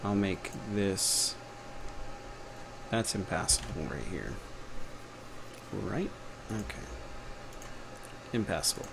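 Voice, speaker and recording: A man's voice: low-pitched, expressive, takes it slowly, creaky, long pauses, noisy background. A young Texan man with a Texan accent, giving a casual live-stream tutorial, chatty and jokey, muttering to himself as he works. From Texas. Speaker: game developer teaching a tutorial.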